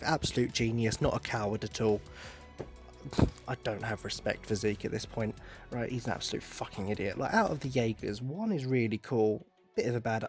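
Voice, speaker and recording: A man's voice: medium pitch, darkish tone. A man hosting a podcast, ranting in a sarcastic, profane, exasperated way. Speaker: podcast host. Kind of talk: casual podcast rant.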